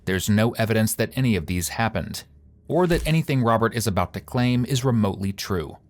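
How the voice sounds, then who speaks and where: Wry low-voiced male narrator. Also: lively intonation, a little fast. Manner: dry, wry commentary. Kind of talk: scripted true-crime narration.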